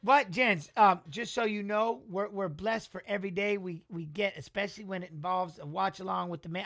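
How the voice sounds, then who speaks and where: A man's voice: high-pitched, brisk, sharp tone. A middle-aged man giving casual live fight commentary in a rambling, emotional, salty way. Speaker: watch-along commentator.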